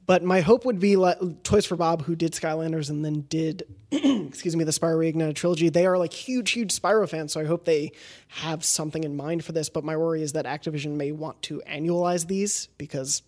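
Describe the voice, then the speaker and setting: A man hosting a game podcast with a slightly high voice. He runs through the news in a casual, brisk way and keeps the talk moving. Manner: steady, brisk, moves topics along. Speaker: podcast host. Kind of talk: casual chat, news rundown.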